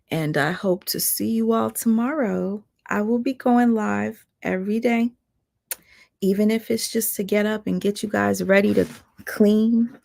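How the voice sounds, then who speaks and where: A woman's voice: medium pitch, unhurried, vocal fry, darkish tone. A woman hosting her own livestream, talking bluntly and heatedly, swearing and reading viewer comments aloud, with a strained voice. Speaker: channel host on a livestream. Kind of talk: casual livestream rant.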